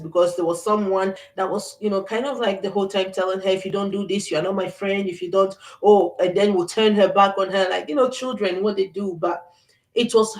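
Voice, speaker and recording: A woman's voice: medium pitch, a little mellow, recorded from a distance. A middle-aged woman hosting a faith-based talk, speaking earnestly and reflectively, with frequent fillers and restarts. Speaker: host. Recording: echoey room, voice off-mic.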